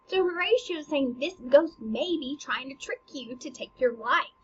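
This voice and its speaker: A woman's voice: high-pitched, expressive, moderate pace, fairly bright tone, muffled recording, a little hiss or hum. A woman teacher explaining a classic play in a casual, chatty way, slipping into slang as she paraphrases. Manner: chatty, slangy paraphrasing with dramatic read-aloud. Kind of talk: casual literature lesson.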